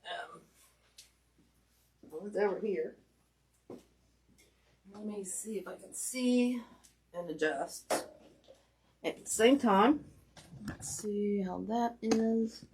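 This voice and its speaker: A woman's voice: medium pitch, extremely slow, long pauses, a little mellow, slight background noise. A woman, chatting casually to viewers while demonstrating a craft project live. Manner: chatty, talks to viewers directly, self-deprecating. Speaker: wreath-making class host.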